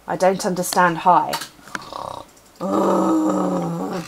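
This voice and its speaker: Girl streaming an old point and click game, jokey, slow easy talk, keyboard clicks and faint hiss behind. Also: medium pitch, expressive. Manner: playful, chatting to viewers while typing commands. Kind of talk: casual live-stream commentary. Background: keyboard typing.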